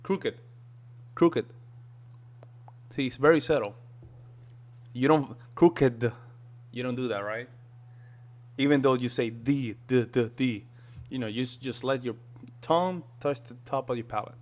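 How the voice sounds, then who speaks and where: A man's voice: mid-range voice, moderate pace, long pauses. American guy doing a reaction vid, repeats the words to try them, easygoing. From United States. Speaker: reaction video host. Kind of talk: casual reaction commentary.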